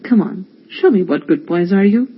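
A kind young man, as a storyteller puts him on, coaxes children with patient, easy words. His voice is slightly husky, and the lo-fi recording dulls it. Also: mid-range voice, expressive, moderate pace. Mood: gentle. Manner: warm, patient coaxing. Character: kind, cheerful young male guest, gentle. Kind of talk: storybook reading.

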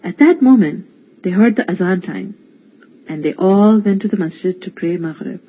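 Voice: medium pitch, moderate pace, breathy edge, muffled recording. A storyteller narrating a children's story expressively. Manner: expressive, lively reading.

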